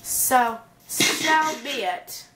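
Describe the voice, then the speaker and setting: A high-voiced woman narrates her game in a playful, silly voice, talking to the animals she meets. She speaks slowly and unhurriedly. The room around her sounds echoey, with a faint hiss underneath. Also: animated. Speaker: gamer. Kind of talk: let's play commentary.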